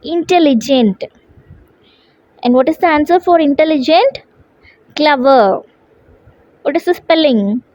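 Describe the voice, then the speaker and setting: A woman with an Indian English accent teaching a classroom English lesson, spelling words out letter by letter in a slow, deliberate way. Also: high-pitched, animated, a little mellow, no room sound. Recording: dull lo-fi sound.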